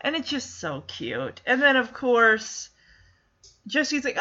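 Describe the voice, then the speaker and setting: A woman's voice: fairly high pitch, unhurried, muffled recording. A woman hosting a podcast, recapping an episode in a casual, giggly way and putting on voices for the characters. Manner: animated, giggly, does voices. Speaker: podcast host.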